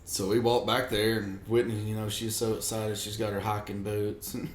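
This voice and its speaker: Laid-back man with a low voice. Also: flat delivery, normal speed, a little hiss or hum. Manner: laid-back rambling storyteller with fillers. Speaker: guest. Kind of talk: casual storytelling chat. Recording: echoey room with faint ambience.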